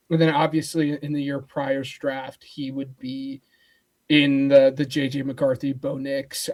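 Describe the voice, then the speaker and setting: A man's voice: fairly high pitch, darkish tone. A man co-hosting a football podcast in casual chat, hesitant and full of fillers. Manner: hesitant, lots of "like" and "um". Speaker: co-host.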